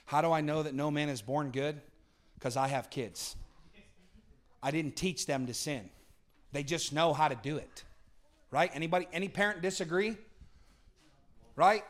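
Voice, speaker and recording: High-voiced man preaching with sudden swings. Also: moderate pace, long pauses. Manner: dynamic, swings from booming to hushed; talks with the congregation, asks for responses. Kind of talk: sermon.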